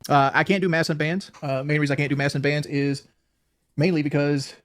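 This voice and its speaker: A man's voice: a little high, little pitch movement, a little fast, dry recording. A man talking on a stream, complaining and listing his grievances with many restarts. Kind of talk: casual stream talk.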